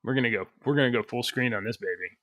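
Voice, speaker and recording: A man's voice: mid-range voice, fast talker, sharp tone, no echo, clean studio sound. A man co-hosting a podcast, chatting casually and setting up clips with playful teasing. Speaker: podcast co-host. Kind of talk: casual chat.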